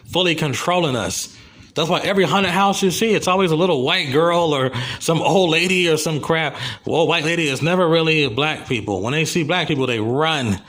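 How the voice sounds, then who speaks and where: Impassioned American man, higher-pitched voice. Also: fairly bright tone. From USA. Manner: impassioned, rambling, repeats himself. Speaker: vlogger. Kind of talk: ranting video commentary.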